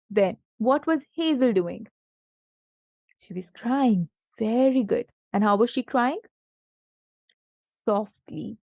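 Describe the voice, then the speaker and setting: A woman's voice: on the high side, vocal fry, dry recording, muffled recording. A woman tutoring a young child in grammar, patient and encouraging, asking many questions and praising the answers. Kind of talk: one-on-one grammar lesson for a child.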